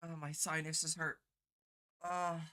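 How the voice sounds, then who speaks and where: A woman chats on her live stream, her voice stuffy and teary after a long cry. She talks haltingly and trips over her words. The tone is bright and sharp-edged. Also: sits low, little pitch movement. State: teary and congested from crying. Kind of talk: casual live-stream chat.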